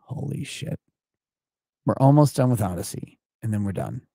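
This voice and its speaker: A man's voice: fairly low pitch, animated, moderate pace, gravelly, dark tone, husky, dry recording, studio quality. A man hosting a livestream, talking casually in a crude, profane, brash way while reading out viewer messages. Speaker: livestream host.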